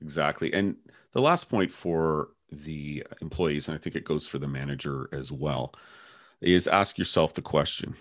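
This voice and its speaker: A man's voice: rumbling low, normal speed, fairly bright tone, dry recording, clean studio sound. A man co-hosting a podcast, reflective and telling personal anecdotes in casual conversation. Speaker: podcast co-host.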